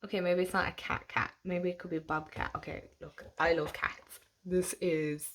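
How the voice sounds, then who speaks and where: A young woman with an Irish accent talks through a deck of cards in a loose, chatty way. Her voice sits a little low for a woman, and she slips between bright gushing and soft, hushed asides. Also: little pitch movement, moderate pace. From Ireland. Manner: chatty, gushing, laughs often, drifts into soft whispers. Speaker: tarot channel host. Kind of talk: casual deck walkthrough.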